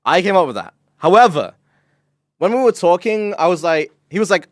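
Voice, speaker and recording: A man with a slightly high voice chats on his stream, telling stories excitedly and swearing freely between bursts of laughter. The sound is dry and close with no room around it. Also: moderate pace, no echo. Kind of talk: casual stream chat.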